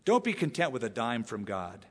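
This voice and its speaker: A man preaching a sermon as a pastor, animated and emphatic, repeating phrases for effect. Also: mid-range voice, moderate pace. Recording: long reverb of a large church hall.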